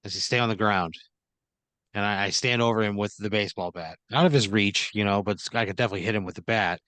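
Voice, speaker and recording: A man taking part as a player in an improvised story game, thinking out loud and swearing in disbelief. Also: lowish voice, quick pace, dry recording. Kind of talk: casual improvised role-play.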